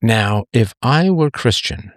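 With a mid-range voice and lively intonation, this man hosts a livestream slowly, reading comments aloud and chatting loosely. His rambling, self-deprecating humor comes with plenty of fillers and restarts, and the audio is clean studio sound without echo.

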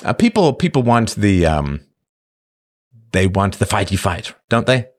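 A man's voice: on the low side, big pitch swings, a little slow. A man hosting a livestream, reading chat and talking casually in a wry, self-mocking way. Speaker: show host reading chat.

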